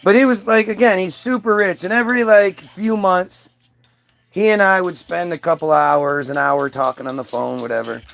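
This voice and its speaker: Guy with a high voice rambling through a story, lots of likes and restarts, dry close sound. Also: moderate pace, gravelly, fairly bright tone, dry recording, soft background music. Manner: rambling, heavy with fillers and restarts. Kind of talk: casual storytelling monologue.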